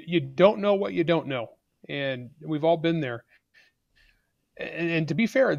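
An argumentative man speaking as an author in a podcast interview. His delivery is blunt and emphatic, and the sound is dry and close, with no room echo. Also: on the high side.

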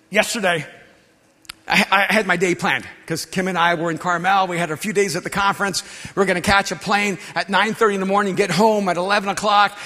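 A middle-aged male pastor preaching a sermon through personal stories, swinging from hushed confession to shouting. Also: high voice. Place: large church gathering hall. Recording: long reverb of a big hall.

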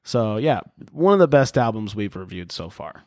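A man's voice: fairly low pitch, very animated, moderate pace, a little mellow, dry recording, studio quality. A man hosting a podcast in casual chat, joking around and swearing a lot. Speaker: podcast host. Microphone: podcast microphone.

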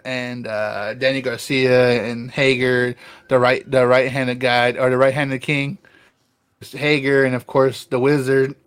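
A man co-hosts a casual wrestling review podcast in an ordinary mid-range voice. He rambles, picks up speed when he gets excited, swears freely and keeps clearing his throat. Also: mid-range voice. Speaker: podcast co-host.

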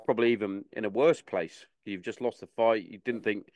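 A man's voice: on the low side, fairly quick, darkish tone, no echo. A man hosting a casual podcast interview, talking loosely and repeating words as he goes. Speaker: podcast host.

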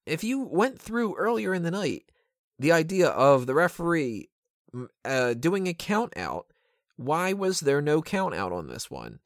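A man's voice: on the high side, very animated, unhurried, no room sound, studio quality. A man giving an opinionated, sarcastic casual review of a wrestling show, swearing freely. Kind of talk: casual commentary.

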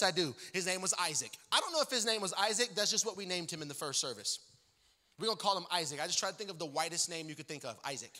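A man's voice: high-pitched, sharp tone. A man who is a guest pastor, telling a joking story in a sermon with a loose, conversational manner full of fillers. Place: church sanctuary. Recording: long church-hall reverb.

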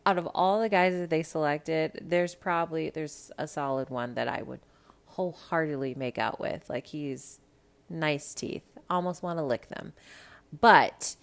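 A woman from the American Midwest hosting a podcast, chatting casually about pop culture with lots of swearing and sudden loud rants. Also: deep voice, unhurried. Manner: profane, animated, swings to loud rants. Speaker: podcast host.

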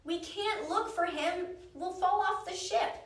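A woman's voice: very high voice, a little slow, reverberant, recorded from a distance, voice pushed up. Woman voicing a cautious young boy. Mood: alarmed. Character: cautious young boy, her older brother. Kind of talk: reading a children's chapter book aloud.

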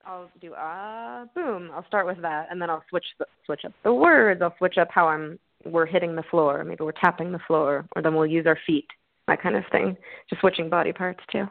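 Gravelly low woman on a phone line. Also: fairly quick. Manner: friendly, laughs often. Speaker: guest speech therapist. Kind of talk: casual interview answers.

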